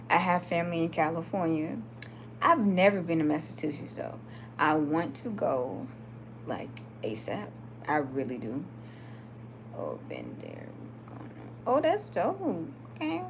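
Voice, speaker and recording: A woman's voice: fairly low pitch, slight background noise. A woman from Georgia with a Southern accent, chatting casually and reading comments during a late-night live video. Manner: chatty, lively, laughs often.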